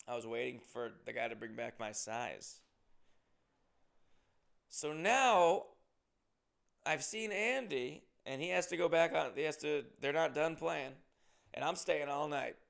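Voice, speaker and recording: A comedian from Massachusetts telling a rambling, profane story in a casual way and acting out what people said. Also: male voice, mid-range voice, creaky, a bit bright. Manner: rambling, profane, acts out quotes. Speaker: comedian and podcast host.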